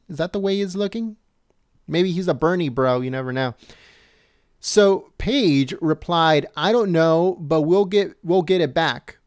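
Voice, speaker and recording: A man reading news items aloud slowly and adding his own commentary, stumbling and correcting himself and asking viewers questions. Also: high voice, smooth, no echo, studio quality. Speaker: political commentary host.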